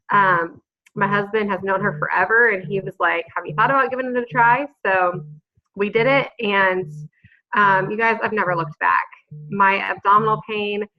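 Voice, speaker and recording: Earnest mom sharing her story on a group call, lo-fi muffled sound, lots of ums. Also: medium pitch. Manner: nervous, earnest, many pauses and fillers. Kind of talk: personal testimony on a group call. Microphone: call from home. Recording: dull lo-fi call audio.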